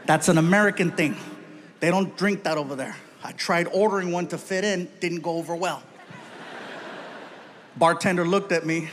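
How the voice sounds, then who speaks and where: A man performing stand-up comedy, telling a story with an animated, punchy delivery. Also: a little high, normal speed, pauses often, slight background noise.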